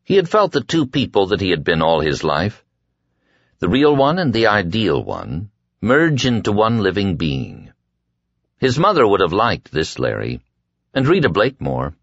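A very deep male voice reading an audiobook in measured scripted narration, with lively rises and falls. The recording is dry and a bit dull, with no room sound. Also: no echo. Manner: measured storytelling, quietly voicing dialogue.

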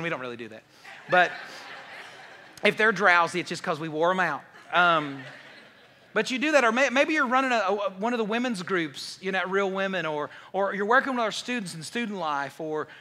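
A male pastor preaches in an easy, joking manner, stumbling over repeated words. His bright, tense voice swings widely in pitch and sinks low when he quotes Jesus. It rings out with the long reverb of a large church hall. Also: animated, fairly quick. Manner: conversational and joking, with many restarts and repeated words; drops low and quiet when quoting Jesus. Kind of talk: sermon.

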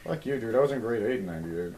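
A man in his twenties whose voice swings up and down as he needles his podcast co-host. He jumps in with quick questions and casual swearing. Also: lowish voice, lively intonation, mellow, slight background noise, poor audio.

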